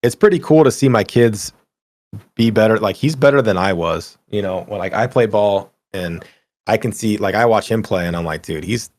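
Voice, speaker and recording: A middle-aged man co-hosting a casual gaming podcast, ranting in an animated way and swearing freely. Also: on the low side, normal speed, no room sound. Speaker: podcast co-host.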